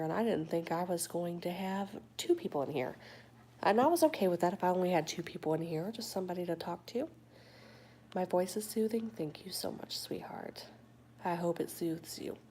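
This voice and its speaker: A woman hosting a late-night livestream, reading viewer comments in a soft, often whispered, affectionate way; she sounds sleepy. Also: lowish voice, brisk, a little hiss or hum. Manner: warm, affectionate toward viewers. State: sleepy but awake. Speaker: livestream host.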